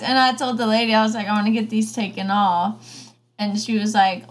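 A young woman in casual chat over a video call, telling an anecdote with lively asides. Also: medium pitch, brisk. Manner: chatty storyteller, mimics voices in anecdotes.

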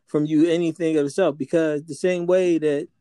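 A man's voice: on the high side, steady tone, normal speed, mellow, no room sound. A man co-hosting a casual podcast chat, making earnest points and acting out quoted people as he talks. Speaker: podcast co-host.

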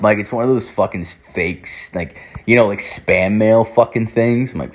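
A man's voice: on the low side, brisk. A young man telling a rambling story in casual talk, swearing heavily and filling his speech with "like". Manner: rambling, heavy swearing, constant "like".

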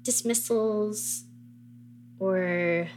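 A woman hosting a podcast interview, relaxed and casual, saying "like" a lot. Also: mid-range voice, drawn-out words, slight background noise. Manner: relaxed, lots of "like". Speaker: podcast host.

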